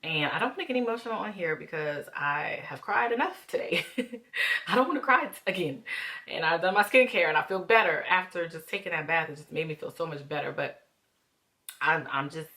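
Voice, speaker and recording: A woman's voice: sits low, fairly quick, pushed and bright. A woman talking openly to her viewers in a reflective vlog, calling them "y'all" as she works through her emotions. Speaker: vlogger. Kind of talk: candid reflective vlog talk.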